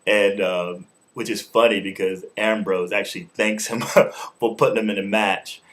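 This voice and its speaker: A man with a fairly low voice talks straight to the camera in a casual review. He is loose and informal, with everyday slang and the odd curse word. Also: fairly even intonation, unhurried, fairly bright tone. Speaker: show host and wrestling reviewer. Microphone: camera mic, talking to camera.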